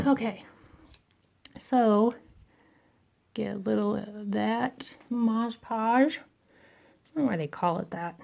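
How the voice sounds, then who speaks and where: Slow gravelly woman crafting, out of breath. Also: on the high side, darkish tone. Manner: chatty, self-deprecating, talking while working. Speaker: crafting tutorial maker. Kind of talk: casual craft tutorial.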